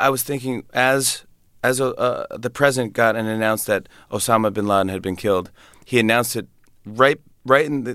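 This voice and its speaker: A man, a comedian guest, telling stories in animated, casual chat with quick restarts. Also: mid-range voice, no echo, studio quality.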